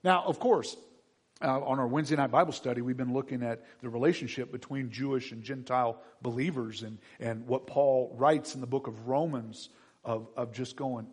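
A man's voice: mid-range voice, normal speed, husky. A man preaching a conversational sermon to his congregation, acting out quotes and asking them questions. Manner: animated, acts out quotes, asks the congregation questions. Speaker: pastor.

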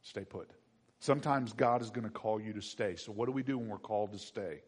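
A man's voice: lowish voice, fast. A male pastor preaching a sermon in a conversational way, with rhetorical questions and humor, in a church sanctuary. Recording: echoey hall reverb.

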